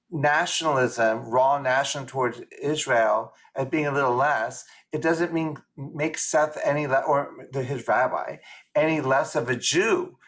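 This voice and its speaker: A man, a rabbi taking part in an online class, giving his opinion quickly and earnestly with some restarts over a video call. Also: medium pitch, a bit bright.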